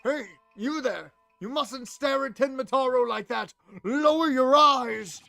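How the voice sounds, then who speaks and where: A man voicing an excitable young woman character in a video game, speaking urgently and scolding. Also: very high voice, measured pace, vocal fry, faint music behind, pitched above the performer's own voice, full character voice. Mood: frantic.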